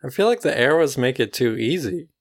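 A man's voice: medium pitch, lively intonation, a little fast, no echo, studio quality. A laid-back man chuckling along in a casual comedic chat and poking at the story's logic.

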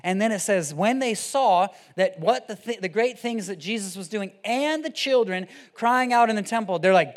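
High-voiced man preaching a casual sermon. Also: normal speed, hardly any pauses. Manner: casual, animated, swings from quiet scripture reading to loud excited preaching. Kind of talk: off-the-cuff sermon.

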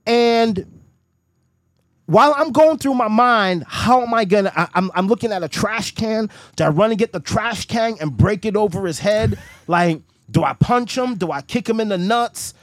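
A man telling a story in a casual podcast chat, animated and profane, laughing often. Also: sits high, moderate pace, dry recording, studio quality. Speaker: guest storyteller.

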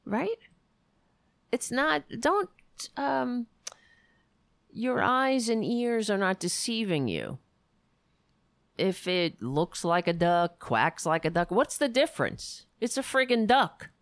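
Woman livestream host, slow-paced, lively pitch, blunt and profane, dry close mic. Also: no echo. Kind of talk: casual political commentary.

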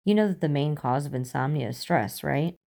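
A dry, amused male FBI agent who teases his partner about her sleeplessness, read by a woman. The voice sits low and dark with a gravelly edge. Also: animated, brisk. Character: wry male FBI agent, insomniac, teasing.

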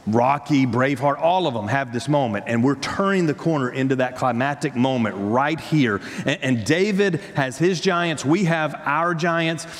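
A man's voice: mid-range voice, moderate pace, few pauses. A man preaching a sermon as pastor, emphatic, repeating words and restarting phrases. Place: church sanctuary. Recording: long hall reverb.

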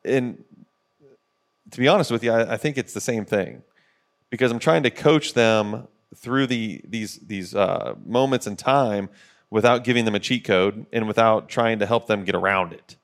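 A man's voice: lowish voice, moderate pace. A man in his forties talks in a casual, earnest podcast voice from a studio. He speaks like a coach giving a pep talk, with plenty of fillers between his points. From Ohio, USA. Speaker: podcast co-host.

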